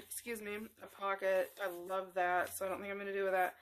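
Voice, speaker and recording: A middle-aged woman hosting a craft tutorial, talking casually in a rambling, halting way with many fillers and restarts. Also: medium pitch, little pitch movement, bright, forceful tone, slight background noise. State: emotional, near tears.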